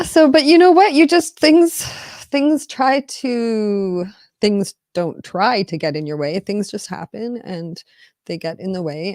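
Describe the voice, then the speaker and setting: A woman talking casually to her live stream viewers in a fairly low voice, rambling along with restarts and quiet laughs. The sound is dry and close, with no room echo. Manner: chatty, rambling, with frequent restarts and soft laughs. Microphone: close mic on a live stream.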